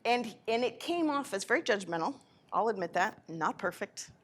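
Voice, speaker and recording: Woman, spiritual lecturer, live lecture, animated storytelling, self-corrections, mid-pitched voice. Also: normal speed. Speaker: spiritual teacher giving a lecture.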